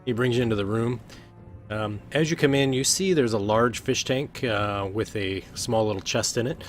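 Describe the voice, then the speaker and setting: A man's voice: mid-range voice, moderate pace. A man with a mid-range voice narrates a tabletop game as game master, describing scenes casually with lots of ums and uhs. Light background music plays under his voice.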